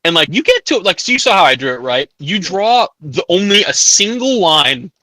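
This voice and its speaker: Bright-voiced man running a tabletop game. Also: high-pitched, sing-song, normal speed, dry recording, low-quality recording. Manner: describes scenes, stops players to clarify. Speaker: game master.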